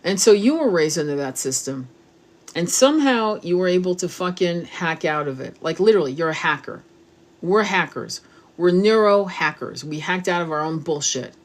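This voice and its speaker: A woman's voice: fairly low pitch, expressive, normal speed. A middle-aged woman giving a spiritual tarot reading, talking bluntly and passionately and swearing freely. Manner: blunt, profane, impassioned. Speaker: tarot reader.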